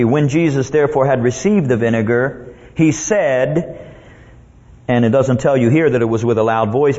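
A man's voice: mid-range voice, a little mellow. A man preaching a sermon who emphatically repeats himself and reads Bible verses aloud. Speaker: pastor. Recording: dull lo-fi recording.

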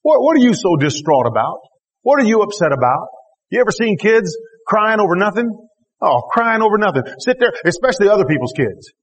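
High-voiced preacher in a reverberant hall. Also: male voice, fairly quick. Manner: animated, rising to emphatic exclamations. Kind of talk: sermon with scripture reading.

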